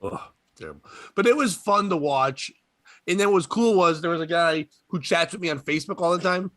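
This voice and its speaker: A man's voice: on the high side, brisk, fairly bright tone, no room sound. A young adult man telling rambling, profane comedic stories in casual chat, laughing often. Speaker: podcast guest storyteller.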